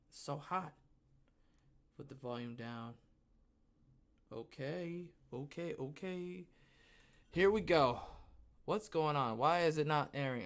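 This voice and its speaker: A man with a somewhat high voice hosts a casual podcast livestream from home, still winded and short of breath. He rambles, talks to himself, and chuckles at his own jokes. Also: a bit bright. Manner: rambling, self-talking, laughs at himself. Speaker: podcast host.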